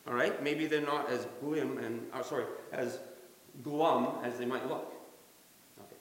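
A man preaching a sermon as pastor in a church, animated, acting out quotes and chuckling often. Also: medium pitch, unhurried. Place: church sanctuary during a service. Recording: very echoey hall reverb.

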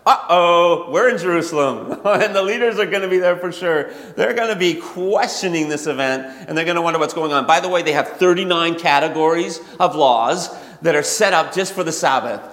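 A man preaching a sermon in a conversational way that builds to animated emphasis, heard in a church hall. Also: a little high, brisk, few pauses. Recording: echoey hall, long reverb.

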